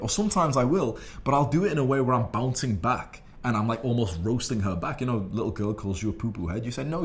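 A young man giving blunt, crude and condescending dating advice, swearing constantly. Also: mid-range voice. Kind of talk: profane advice monologue.

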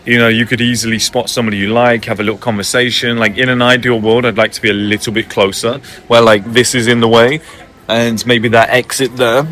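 Brash man, bright forceful voice. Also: mid-range voice, level tone, fairly quick, slight background noise. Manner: brash, joking, swears freely. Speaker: vlogger. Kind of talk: casual talk to camera. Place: cafe by the water.

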